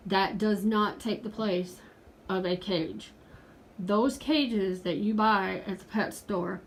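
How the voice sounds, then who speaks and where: Speaking at medium pitch on a rough recording with some hiss or hum, a woman in her 40s talks earnestly from her pet room in a casual home video. The breathless pet vlogger pleads with her viewers at times.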